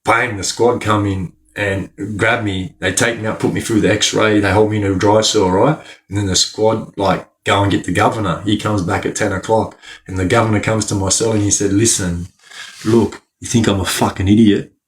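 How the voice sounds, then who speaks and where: A man telling a story in casual chat, animated and laughing often, swearing freely and tagging his lines with "right?". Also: lowish voice, a little fast, a little hiss or hum. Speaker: podcast guest.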